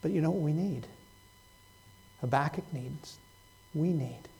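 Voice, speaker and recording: A man preaching a Sunday sermon as pastor, swinging from loud, pleading cries to hushed, soft words. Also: a little high, a little slow, gravelly, breathy edge, low-quality recording.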